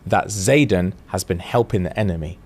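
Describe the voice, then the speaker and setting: A man's voice: deep voice, moderate pace, darkish tone, breathy edge. A young man, casually retelling a story on a podcast and acting out the characters' lines with slang and swearing. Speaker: podcast co-host.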